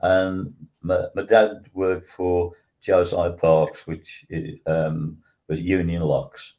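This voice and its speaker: A man, hosting a talk show and reminiscing in a halting way, with frequent restarts and ums. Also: sits low, flat delivery, dark tone. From West Midlands, England. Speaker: radio show host. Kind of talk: casual reminiscing chat.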